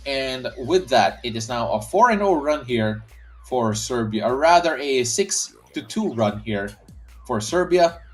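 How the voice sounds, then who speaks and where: A man hosting a live basketball watch-along stream, calling the action casually and reading viewer comments aloud. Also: medium pitch. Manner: chatty, reads viewer comments aloud, frequent restarts. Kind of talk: casual play-by-play and chat reading.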